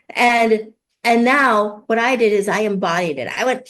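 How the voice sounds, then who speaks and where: Woman coach talking parenting, animated, jumps into little voices of parents and kids. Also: fairly high pitch, moderate pace. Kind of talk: explaining parenting advice in conversation.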